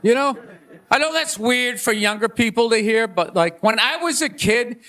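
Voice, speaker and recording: A middle-aged man with a Boston accent doing a stand-up comedy rant, animated and shouting, slipping into mocking impressions. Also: extremely high pitch, normal speed. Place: comedy stage before a live audience. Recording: live stage with crowd laughter.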